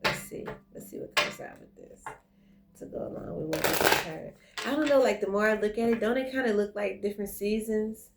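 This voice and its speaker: This tarot reader's mid-range voice runs a little fast as she addresses the viewer head-on during a casual online session, full of effusive energy. Heavy background noise mixes with music playing clearly behind her.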